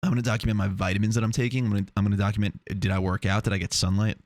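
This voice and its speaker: A man's voice: fairly low pitch, racing, no echo, studio quality. A young man from Long Island hosts a solo podcast, rambling and swearing, and he gets fired up and restarts his sentences a lot. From Long Island, New York. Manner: rambling, profane, excitable, many restarts. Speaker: podcast host. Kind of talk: casual solo podcast monologue. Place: small foam-treated home room. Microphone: lav or shotgun mic in a home studio.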